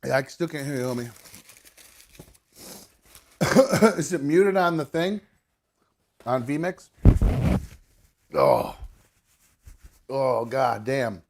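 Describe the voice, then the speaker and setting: Groaning, swearing man at a mid-pitched voice. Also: sing-song, very slow, pauses often. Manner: groaning, swearing, eating between words. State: straining, full and sweating. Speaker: podcast host. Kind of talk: casual chat during an eating challenge.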